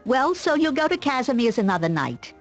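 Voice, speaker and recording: A man's voice: very high voice, big pitch swings, brisk, muffled recording, faint music behind, pitched above the performer's own voice, heavily acted. A man voicing an old female gypsy fortune teller, a nagging, sarcastic grandmother with a mock Yiddish accent, for a video game playthrough. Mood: kvetching. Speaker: streamer voicing game characters.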